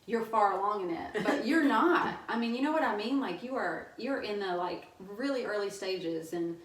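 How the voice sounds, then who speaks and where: A woman's voice: medium pitch, animated, moderate pace. Chatty woman guest, roomy sound. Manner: chatty storyteller, laughs often. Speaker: podcast guest. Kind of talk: casual podcast chat. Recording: roomy sound, mic at a distance.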